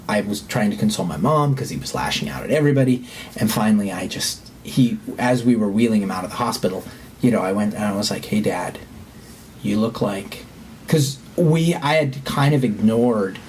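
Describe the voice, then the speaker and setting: A man who is a podcast guest, telling a candid personal story in an earnest, halting way and swearing when heated. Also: mid-range voice, darkish tone, slight background noise.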